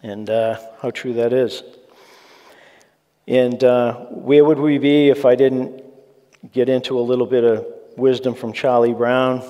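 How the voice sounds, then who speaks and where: A man's voice: mid-range voice, little pitch movement, unhurried, mellow. A man preaching a sermon in an earnest, conversational way, with casual asides to his congregation. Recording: long reverb of a large hall.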